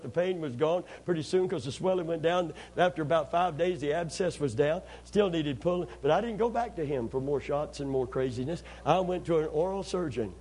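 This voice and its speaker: Husky and a little high, this man's voice carries a call-and-response sermon. He tells folksy stories with humor and liveliness, urging the congregation to answer back.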